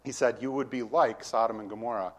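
A man's voice: mid-range voice, fairly even intonation, a little fast, lo-fi sound. A male preacher working through a passage verse by verse. He talks with his congregation in a casual way and puts questions to them. When he reads scripture aloud, his emphasis builds. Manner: conversational, asks the congregation questions. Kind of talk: verse-by-verse sermon.

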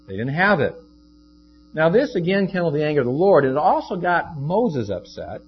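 A man's voice: fairly high pitch, sing-song, moderate pace. A man preaching a sermon as a pastor in a conversational, storytelling way. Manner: conversational, shifts into acted quotes. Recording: dull lo-fi with faint guitar.

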